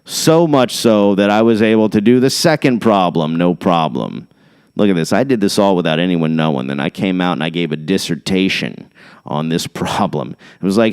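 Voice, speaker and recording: A man's voice: low-pitched, animated, normal speed, a little mellow, smooth. A middle-aged man hosting a podcast, rambling casually, jumping between topics and reading definitions aloud off the screen. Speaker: podcast host.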